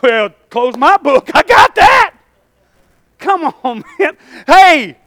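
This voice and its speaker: A male pastor, preaching a sermon, swinging between loud shouting and low asides to the congregation. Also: sing-song, slow, no echo.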